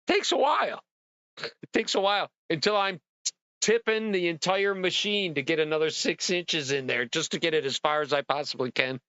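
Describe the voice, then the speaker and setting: Bright-voiced middle-aged man ranting. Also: medium pitch, no echo, highs cut off. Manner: animated storyteller, swears and acts out his own rants. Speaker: livestream host. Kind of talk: casual ranting chat.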